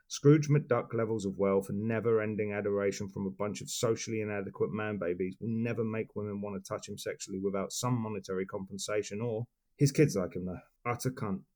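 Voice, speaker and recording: A man co-hosting a podcast, reading a scripted rant of deadpan, sweary insults, then chatting casually. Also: lowish voice. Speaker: podcast co-host.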